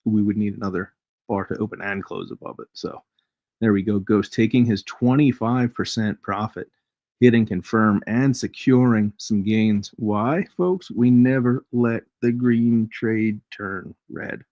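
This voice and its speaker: A man's voice: on the low side, a little slow, a little mellow, no echo. A man hosting a casual live trading stream, chatty and jokey, chuckling as he reads charts aloud. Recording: dry, dull lo-fi stream audio.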